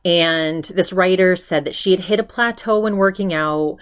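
A woman's voice: lowish voice, moderate pace, clear, resonant tone. A woman from Maine hosting a podcast, chatting casually in a rambling way with lots of fillers. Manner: chatty, rambling, full of fillers and "he's like" retellings. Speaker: podcast host. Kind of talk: casual chat recapping an episode.

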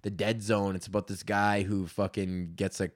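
A man's voice: fairly low pitch, little pitch movement, normal speed, dry recording, studio quality. A man in his thirties hosting a solo podcast, ranting loosely with lots of swearing and filler words. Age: 30s. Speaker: podcast host.

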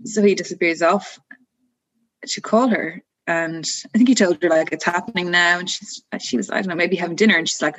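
Woman, thirties, slightly low voice, relaxed, chatty, storytelling, lots of fillers, laughs easily. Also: a little fast, rough recording. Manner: relaxed, chatty, frequent "like" and "you know", laughs often. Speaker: guest telling her birth story. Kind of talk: casual storytelling interview.

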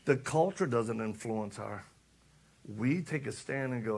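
A man's voice: medium pitch, a little slow, gravelly, a little mellow, breathy edge. A man preaching a casual sermon, folksy and joking, acting out the dialogue of the story.

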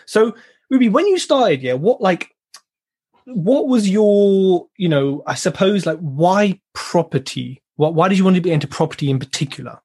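A man's voice: sits high, lively intonation, moderate pace, a little mellow, breathy edge. A man from England co-hosting a podcast, joking and teasing in casual chat. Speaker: podcast co-host.

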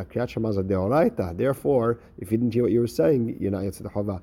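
A man teaching a Talmud lesson. He reads the text quickly, then explains it in English with many hesitant fillers and restarts. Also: lowish voice, vocal fry, dark tone, slightly rough. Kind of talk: Talmud lesson, reading and translating.

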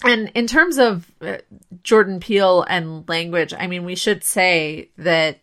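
A woman co-hosting a podcast, discussing a film in a measured, thoughtful way with pauses on "um.". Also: on the low side, a bit bright. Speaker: podcast co-host.

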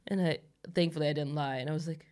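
A woman's voice: deep voice, steady tone, fast talker, darkish tone. A woman co-hosting a podcast, chatting casually and laughing often as she tells stories. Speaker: podcast co-host. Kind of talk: casual chat.

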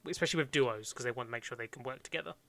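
A man co-hosting a podcast in casual chat, quick and animated, laughing often. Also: mid-range voice, creaky, crowd noise. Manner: fast, laughing, animated storytelling. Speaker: podcast co-host.

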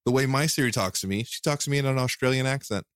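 An excitable American man hosting a casual remote podcast interview, gushing and laughing. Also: mid-range voice, fast, clear, resonant tone, no echo, clean studio sound. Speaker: podcast host.

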